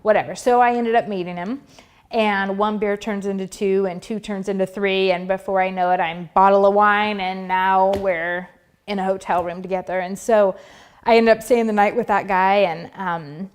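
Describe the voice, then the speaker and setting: A woman's voice: medium pitch, steady tone, moderate pace, smooth. A woman telling her personal faith testimony in a chatty, casual way, full of fillers and acting out her own past thoughts. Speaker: Christian testimony speaker.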